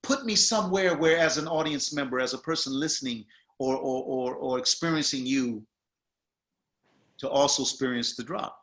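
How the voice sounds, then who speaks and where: A man's voice: mid-range voice, moderate pace, fairly bright tone. A man coaching actors in a masterclass, talking in a colloquial, emphatic, slangy way. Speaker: acting teacher.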